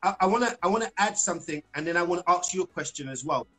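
Chatty high-voiced man telling stories. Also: animated, very fast, a bit bright, soft background music, low-quality recording. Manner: chatty storyteller, laughs often, repeats phrases. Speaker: singer, interview guest. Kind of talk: casual interview over a live stream. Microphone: video call.

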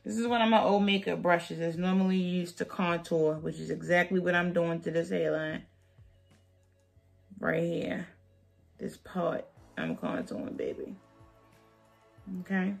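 A woman's voice: fairly low pitch, a little slow, creaky, pauses often, soft background music. A woman beauty vlogger chatting through a wig tutorial, sassy and playful, joking with her viewers as she works.

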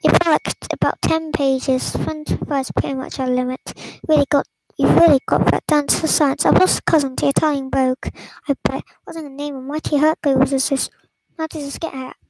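A woman's voice: sits high, fairly even intonation, a little fast, darkish tone, rough recording. A woman host casually reading a film script aloud, stumbling and restarting, sometimes dropping to a whisper. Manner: stumbling read-through with restarts and whispered asides. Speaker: channel host.

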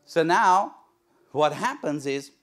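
A male pastor preaching a sermon in church, telling a story with lively, acted-out moments. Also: a little high, slow. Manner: animated storytelling, acts out shouting crowds.

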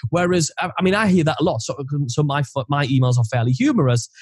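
Chatty male podcast host, higher husky voice, lively delivery. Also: fast talker, dry recording. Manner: chatty, playful questioner. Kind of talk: casual interview chat.

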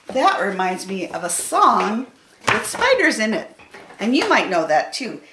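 A woman reading picture books aloud to children at a library story hour, slow and expressive, with playful animal sounds. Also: medium pitch, slight background noise. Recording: echoey room.

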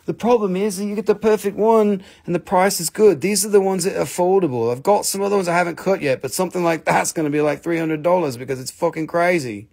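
A man with a gravelly, fry-laden voice chats loosely on a live stream, selling rocks and minerals. He rambles, jokes and swears freely, with a slightly higher pitch than most men. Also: fast, few pauses, a little mellow. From Appalachian Valley, USA. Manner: rambling, profane, joking. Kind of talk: casual live sales chat.

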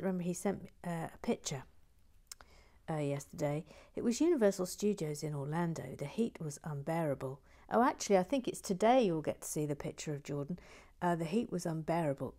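A woman with a slightly low voice talks casually while building toys. She jokes wryly and drifts into muttered, whispered asides as she works. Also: lively intonation, brisk, warm tone. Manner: playful, wry. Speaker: host. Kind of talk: casual narration of a toy build.

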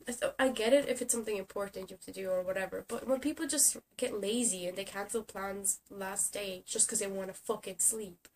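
A young woman who is sick, ranting sarcastically in a casual vlog and swearing often. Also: mid-range voice. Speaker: vlogger. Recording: distant camera mic with faint hiss.

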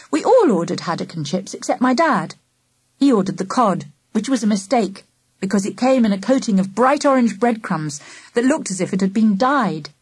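A woman narrating a children's audiobook in the first person with a lively, expressive reading. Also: mid-range voice, husky, dry recording.

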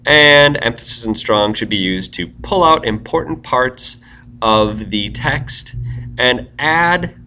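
A man's voice: medium pitch, lively intonation, takes it slowly, pushed and bright, a little hiss or hum. A man giving a screencast tutorial on web pages, explaining step by step and thinking aloud as he types.

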